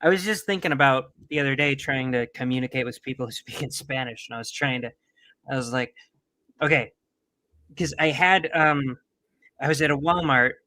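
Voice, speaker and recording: A man's voice: medium pitch, normal speed, bright, forceful tone, dry recording. A man co-hosting a casual podcast chat, telling stories and laughing often. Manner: laughs often, tells stories with quoted asides. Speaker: podcast co-host.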